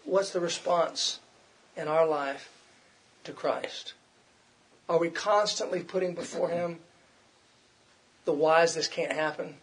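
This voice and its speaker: High-voiced man preaching a sermon. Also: a bit bright. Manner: conversational, repeats words, acts out quoted complaints.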